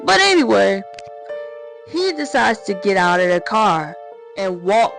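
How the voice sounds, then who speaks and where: A woman chatting through a story time vlog in a slangy, excitable way. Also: medium pitch, unhurried, gravelly, soft background music, low-quality recording.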